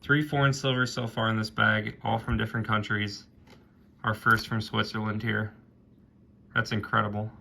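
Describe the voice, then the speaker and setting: A man narrating his own coin hunting video in a casual, excited way, often calling out to viewers as "guys". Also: on the low side. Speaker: coin roll hunting vlogger.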